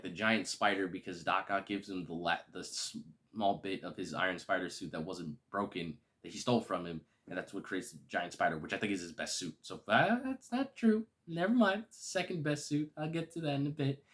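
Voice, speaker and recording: A man casually reviewing a film, excitable and gushing, with slangy, enthusiastic speech. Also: low voice, brisk.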